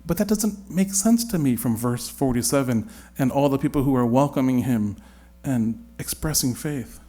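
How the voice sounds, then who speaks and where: A man's voice: medium pitch, expressive, moderate pace, warm tone. A man leading a Bible study, talking it through in a searching, conversational way with frequent restarts.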